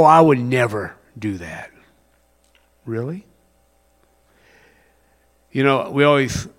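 A man preaching a sermon, rising to loud emphatic passages and dropping to a near whisper. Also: medium pitch, creaky. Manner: reads scripture with plain conversational paraphrase. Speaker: pastor.

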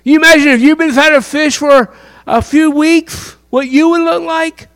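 A man's voice: very high-pitched, steady tone, normal speed, fairly bright tone. A man preaching a sermon, impassioned and quizzing his listeners with questions. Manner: impassioned, asks the crowd questions.

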